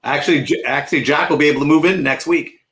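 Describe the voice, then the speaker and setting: A male radio comedy co-host chatting casually, dropping quick deadpan wisecracks. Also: on the high side. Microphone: studio microphone.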